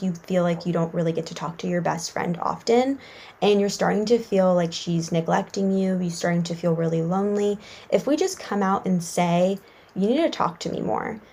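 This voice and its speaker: A woman's voice: mid-range voice, darkish tone. Young woman chatting earnestly about feelings, lots of "like"s, reflective. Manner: earnest and reflective, frequent "like" fillers. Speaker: self-help podcast host. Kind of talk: casual advice monologue.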